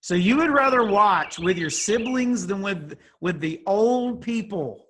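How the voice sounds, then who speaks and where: A man's voice: high voice, expressive, unhurried, a bit bright. A man leading a youth group on a video call, joking and teasing as he asks would-you-rather questions. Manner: playful, teasing, chatty asides. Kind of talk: casual video call hosting.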